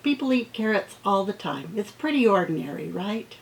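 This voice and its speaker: In a read-aloud lesson for little kids, this teacher speaks slowly and warmly, acting out sound words playfully. Her voice is medium-pitched and gravelly with lively intonation, captured on a rough recording.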